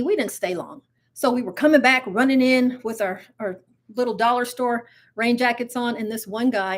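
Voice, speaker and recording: A woman hosting her own cruise channel, telling stories and reading news in a chatty, giggly way with plenty of asides and fillers. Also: on the high side. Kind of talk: casual live-stream chat and storytelling.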